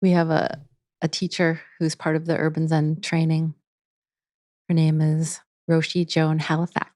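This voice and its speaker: Female interview guest, warm and earnest, dry close sound. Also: low voice, monotone, measured pace, no echo. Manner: earnest, with frequent restarts. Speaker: guest, integrative therapy teacher. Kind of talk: casual interview talk.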